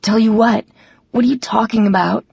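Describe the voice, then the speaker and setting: A woman's voice: fairly high pitch, fairly even intonation, moderate pace, gravelly, a little mellow, slightly rough, no room sound, muffled recording, heavily acted. A woman voicing a protective, guilt-ridden young man who speaks urgently and with hostility, in an audiobook. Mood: worried. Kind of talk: audiobook character voice.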